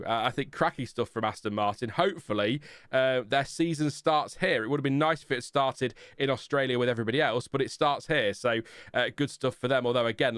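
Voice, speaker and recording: A man's voice: medium pitch, a bit bright, clean tone, no echo, clean studio sound. Chatty British man hosting a stream. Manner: chatty, joking, reads chat messages aloud. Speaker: livestream host. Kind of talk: casual live-stream chat.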